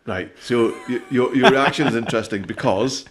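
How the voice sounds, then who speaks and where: A man telling jokes in a casual podcast chat, sweary and animated, often tagging lines with "right?". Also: mid-range voice, moderate pace, slight background noise. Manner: animated storytelling, sweary, with frequent "right?" tags. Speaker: comedian guest.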